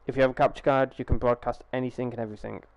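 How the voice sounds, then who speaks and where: A man's voice: medium pitch, level tone, racing, darkish tone, clean tone, no room sound, dull audio. A young man chatting casually on a live gaming stream through a headset, rambling, swearing freely and restarting his sentences.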